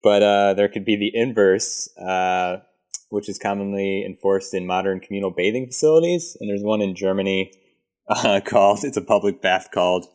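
A man's voice: on the low side, normal speed, a little mellow. A man co-hosting a podcast, chatting casually and joking, laughing often. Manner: joking, laughs often, puts on silly voices. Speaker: podcast co-host. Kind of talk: casual chat.

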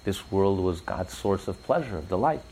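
Gravelly deep-ish guy preaching, pitch jumps way up when he pushes a point, bit of hiss behind. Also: lively intonation, normal speed, mellow, poor audio. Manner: preacherly, rises sharply in pitch for emphasis; tells stories with acted-out voices. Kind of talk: animated religious teaching in an interview.

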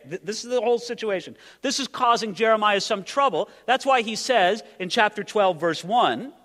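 Emphatic preacher with a high, lively voice in a reverberant hall. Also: male voice. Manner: emphatic, rhetorical questions to the congregation. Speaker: pastor. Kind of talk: expository sermon. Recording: long reverb of a large room.

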